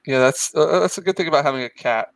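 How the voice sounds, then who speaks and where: Middle-aged guy chatting on his art stream, kinda gravelly, dry close sound, lots of uh's. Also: a little high, fast, no room sound. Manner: relaxed, chatty, hesitant with fillers. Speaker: host of a live art stream. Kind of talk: casual chat while drawing.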